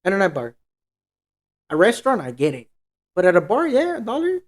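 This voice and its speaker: A man's voice: sits high, huge pitch swings, fairly quick. A man co-hosting a podcast, telling a story in casual, profane slang and acting out what everyone said. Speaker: podcast co-host.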